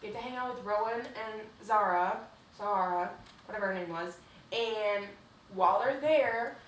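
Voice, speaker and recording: A woman's voice: medium pitch, unhurried, recorded from a distance. A young woman co-hosting a podcast, recapping a book in a gushing, profane, filler-heavy casual chat. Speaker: podcast co-host. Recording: echoey room, away from mic, faint hiss.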